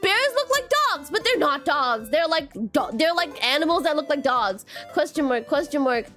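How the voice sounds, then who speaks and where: A woman's voice: high voice, faint music behind. A woman streamer in casual live chat, rambling about animals while reading chat aloud and greeting viewers. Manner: rambling, reads chat aloud, repeats "question mark"; animated, quick laughs and bursts of excitement.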